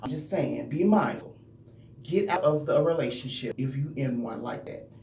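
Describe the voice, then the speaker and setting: A woman's voice: very deep voice, animated, moderate pace, creaky, warm tone. Woman vlogging a storytime, kinda far from the mic, echoey room, faint hum. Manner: talks straight to viewers, earnest and emphatic. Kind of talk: personal storytime.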